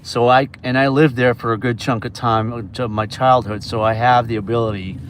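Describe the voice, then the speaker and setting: A man's voice: mid-range voice, fairly even intonation, moderate pace. A man from New York chatting casually with viewers on a livestream while he drives deliveries in his car, with road noise behind him. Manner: chatty, talks to viewers while reading orders aloud. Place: inside a car on city streets. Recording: phone mic with road noise. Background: car and traffic noise.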